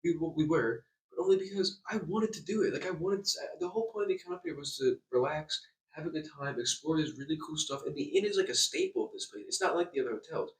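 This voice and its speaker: Young man vlogging an agitated rant, fast, echoey and off-mic. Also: a little high. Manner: agitated, swearing, stammering repeats. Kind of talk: angry storytime rant. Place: hotel room. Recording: echoey room, distant mic.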